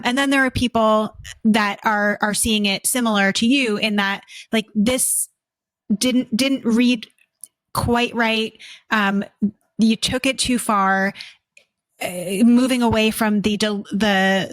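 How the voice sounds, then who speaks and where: A woman's voice: mid-range voice, fairly bright tone, no echo. A woman co-hosting a casual recap chat, thoughtful and a little hesitant, with many fillers. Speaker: therapist co-host.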